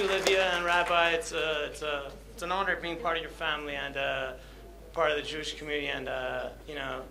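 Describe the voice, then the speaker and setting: A man's voice: a little high, fairly even intonation, fairly quick, vocal fry, a loud crowd, very noisy. A young man telling his personal story to an audience, hesitant, with many fillers and self-conscious laughs. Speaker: guest speaker.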